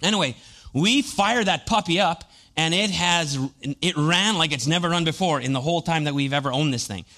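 A man's voice: on the high side, moderate pace, sharp tone. A man in his thirties, a pastor preaching a sermon, telling personal family and boat stories in a chatty, self-deprecating way.

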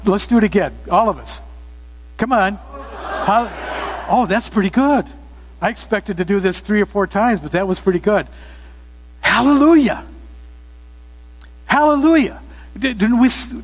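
A pastor preaching a sermon to his church, emphatic and often rising to loud exclamations. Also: sits high, slightly rough. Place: church sanctuary. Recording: long reverb of a church hall.

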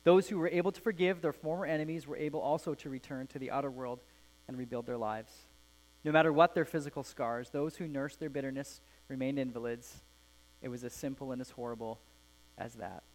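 A man's voice: medium pitch, steady tone, a little fast, poor audio. Earnest male pastor preaching. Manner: earnest, falls soft at phrase ends. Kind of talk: sermon with a read-aloud story. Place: church.

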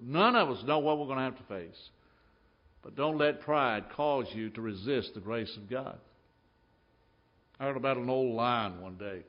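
A male preacher delivers a story-driven sermon in a church, pressing each point with emphasis and playing out the scenes. His voice sits in a middle register, and the recording sounds dull and lo-fi. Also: medium pitch. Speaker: pastor.

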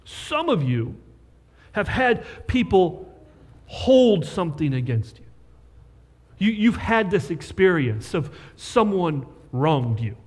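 Guy preaching in a big echoey church, really animated, keeps asking the crowd right? okay?. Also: high-pitched, takes it slowly. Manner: conversational, checks in with rhetorical questions. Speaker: pastor. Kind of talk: sermon.

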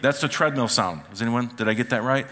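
A middle-aged pastor preaches a sermon in a church auditorium, speaking fast in a mid-range voice that sounds pushed and bright. He tells family stories and acts out the voices of his relatives.

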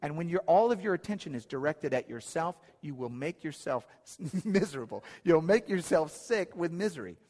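A man's voice: on the high side, animated, moderate pace, mellow. A man preaching a sermon in an earnest, emphatic way, often repeating his key phrases. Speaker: pastor. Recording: long hall reverb.

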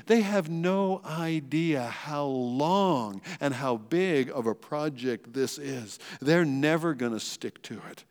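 An earnest male pastor preaching a sermon with a slightly raised, bright-pitched voice. He drives points home through repetition and rhetorical questions. His voice carries a long reverb from a church sanctuary. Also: expressive, takes it slowly, few pauses. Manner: earnest and emphatic, with rhetorical questions and repeated phrases.

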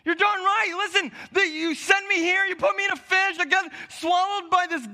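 A man acting out an indignant male prophet in a sermon, ranting in a very high, bright voice. He sounds exasperated and fed up, his complaints spilling out in a raised, sharp tone. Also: fairly even intonation, moderate pace, vocal fry, full character voice.

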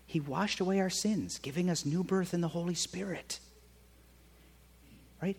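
A man preaching a sermon in a conversational way, often checking in with his listeners with a quick "right?". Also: high voice, husky, in a large hall. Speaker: pastor.

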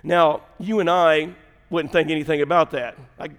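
A man's voice: fairly high pitch, fairly even intonation, moderate pace, clear, resonant tone. A man, a pastor preaching a folksy sermon, telling stories and making asides to his congregation. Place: church sanctuary. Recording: long hall reverb.

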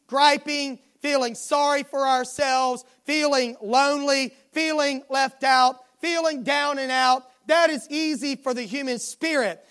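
Slow, high-voiced woman preaching. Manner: emphatic, repeating refrains. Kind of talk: sermon. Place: church midweek service.

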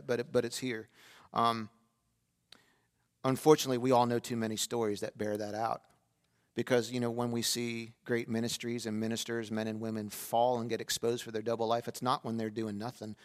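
A man preaches a sermon in a church sanctuary. He moves between a relaxed, conversational tone and sudden loud, emphatic bursts. His voice sits at an ordinary middle pitch. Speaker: pastor.

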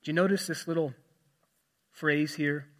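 High-voiced preacher in a reverberant hall. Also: male voice, steady tone, moderate pace. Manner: dynamic preaching, swinging from loud emphasis to hushed asides. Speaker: pastor. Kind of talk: sermon.

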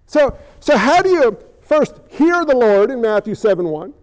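A man's voice: very high voice, sing-song, normal speed, lo-fi sound. A man preaching a sermon as pastor, talking conversationally and playfully while questioning his congregation.

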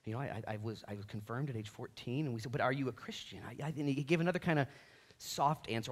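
This pastor delivers a storytelling sermon, voicing the people in his anecdotes and swinging from hushed asides to loud, emphatic outbursts. His voice is mid-range and he speaks quickly.

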